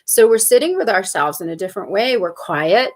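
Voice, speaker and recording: A woman doing a playful put-on British accent while she hosts a relaxed live-stream chat. Her voice sits at an ordinary pitch, and she talks animatedly and laughs easily. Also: a little fast, a little hiss or hum. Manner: animated, laughs often, reads out viewer comments. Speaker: host.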